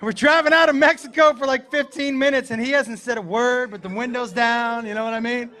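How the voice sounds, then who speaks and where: A man's voice: very high-pitched, a little fast, slight background noise. A middle-aged man doing stand-up, telling a story and acting out the people in it, on a comedy club stage. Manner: animated, acts out characters in the story.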